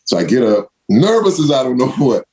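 A man's voice: mid-range voice, brisk. An older man, a former pro football player, telling stories casually in an interview and acting out quotes in a raised voice. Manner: animated, acts out quotes in raised voice, laughs often. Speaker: former pro football running back, guest.

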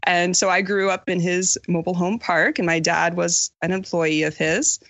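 A woman's voice: lowish voice, steady tone, normal speed, a bit bright, no echo. A woman from Maine, a podcast guest telling her story in a friendly, chatty way. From Maine, USA. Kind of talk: casual podcast interview.

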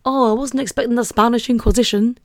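A woman doing a comic impression of a gruff man with a put-on Yorkshire accent. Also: fairly high pitch, steady tone, quick pace, dry recording, clean studio sound, natural voice.

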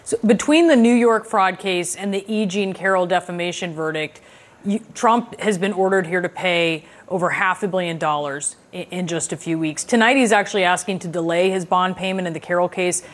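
Woman, news anchor, crisp questions, slightly low voice. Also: a little fast. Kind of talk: news interview.

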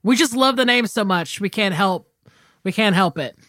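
A woman's voice: mid-range voice, lively intonation, normal speed, a bit bright, no echo. An enthusiastic woman co-hosting a film podcast, her voice bouncing up and down as she reacts. She swears casually and keeps it loose. The sound is close and dry. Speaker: podcast co-host.

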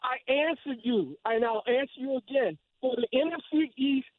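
A man's voice: extremely high pitch, normal speed, dry recording. A male caller on a radio show, hostile and insulting, repeating his demands over and over. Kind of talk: heated call-in rant. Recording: tinny phone line.

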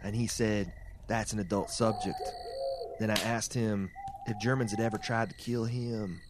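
A man's voice: on the low side, fairly even intonation, normal speed, heavy background noise, lightly acted. Rick, a man playing him, weary survivor leader. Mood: rambling. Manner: earnest, rambling confessions. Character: weary male survivor leader, middle-aged, rambling. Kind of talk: comedy sketch acting.

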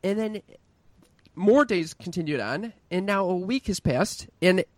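A man's voice: high voice, animated, measured pace, no room sound. A young man telling his mother a personal story in a casual, frank and self-mocking way. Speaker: storyteller, son of the host.

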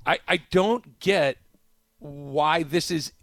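A man's voice: on the high side, slow, fairly bright tone, no echo. A man hosting a sports talk radio show, bantering with a co-host in a wry, self-mocking way.

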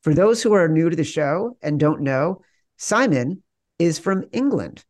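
A man's voice: a little high, lively intonation, darkish tone, no echo. Upbeat, joking sports podcast host, man. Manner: upbeat, jokey, quick ad reads. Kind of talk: sports betting podcast chat.

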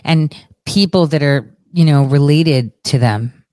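A woman's voice: low voice, a little slow, dry recording, studio quality. Profane, sarcastic woman ranting. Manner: profane, sarcastic, animated rant. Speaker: political commentator. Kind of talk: ranting commentary.

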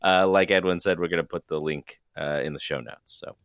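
Smooth low-voiced male podcast host. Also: fairly quick, dry recording, studio quality. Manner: relaxed, laughs often, uses fillers. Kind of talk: casual podcast chat.

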